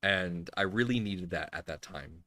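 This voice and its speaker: A man's voice: low voice, normal speed, pushed and bright, dry recording. A man hosting a casual live stream from a home workshop, talking in a rambling way with lots of fillers and restarts. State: tearful at times. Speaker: live-stream host building a 3D printer.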